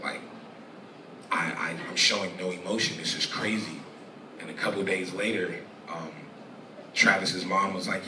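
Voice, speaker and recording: A young man telling a personal story as a guest in a live interview, rambling and profane with halting restarts. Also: low voice, fairly even intonation, background noise. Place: live venue stage. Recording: echoey room, distant mic, audience ambience.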